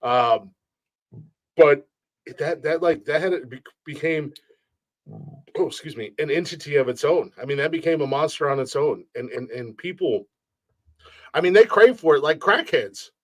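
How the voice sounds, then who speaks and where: A man's voice: fairly high pitch, lively intonation, normal speed, pauses often, no echo. A man hosting a casual podcast chat, rambling and swearing freely, with many restarts. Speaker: podcast host. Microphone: remote call setup.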